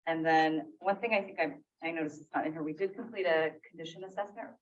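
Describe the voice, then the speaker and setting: A woman on library staff giving an informal update at a public meeting, correcting herself as she goes. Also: fairly low pitch. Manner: casual, self-correcting, laughs off slips. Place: meeting room. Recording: distant, dull lo-fi meeting audio.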